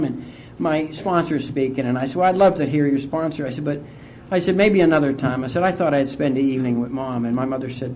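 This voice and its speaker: Mellow-voiced man telling a heartfelt story. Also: mid-range voice, quick pace, hardly any pauses, a little hiss or hum. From West Virginia, US. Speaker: AA speaker. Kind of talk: personal recovery story told to a conference. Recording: dull lo-fi conference tape.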